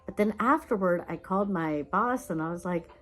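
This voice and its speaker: A woman vlogger telling rambling, animated stories in a casual chat, laughing now and then. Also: medium pitch, moderate pace, rough recording.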